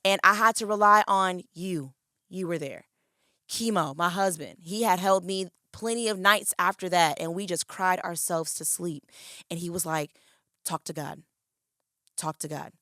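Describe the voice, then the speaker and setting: Woman, low voice, earnest, confiding, dry close studio sound. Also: moderate pace, sharp tone, dry recording. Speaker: co-host. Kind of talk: candid faith talk.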